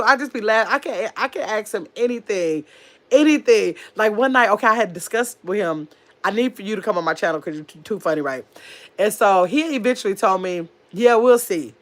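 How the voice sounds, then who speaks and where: A woman chatting casually on her livestream, telling stories and reading viewer comments aloud. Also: fairly high pitch. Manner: chatty, animated storyteller, reads comments aloud. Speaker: livestream host.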